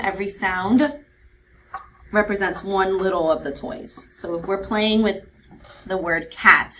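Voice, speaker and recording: A woman kindergarten teacher walks parents through reading practice in a clear, patient voice. She slows down to model words and letter sounds carefully. A faint noise sits under the recording. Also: medium pitch, fairly bright tone, poor audio. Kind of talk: instructional video for parents.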